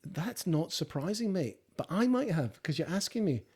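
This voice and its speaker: A man's voice: sits high, very animated, moderate pace, darkish tone, breathy edge. A man co-hosting a podcast, playful and cheeky as he answers quiz questions. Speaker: podcast co-host. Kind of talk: casual banter.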